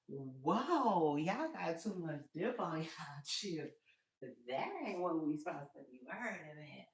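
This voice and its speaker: A woman's voice: sits low, lively intonation, a little slow, creaky, roomy sound, distant mic. A woman ranting casually to camera, sassy and profane, laughing between lines. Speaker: vlogger. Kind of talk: casual commentary rant.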